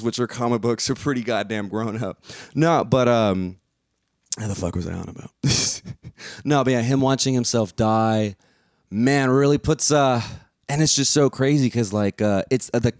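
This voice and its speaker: A man's voice: mid-range voice, no room sound, clean studio sound. A young man giving a rambling, profane, casual spoken review, laughing often as he talks. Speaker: video reviewer.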